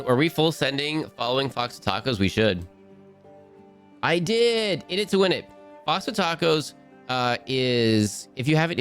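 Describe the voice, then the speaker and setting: A man's voice: mid-range voice, fairly bright tone. A man streaming a game live, chatting casually and bubbly, rambling and restarting his sentences.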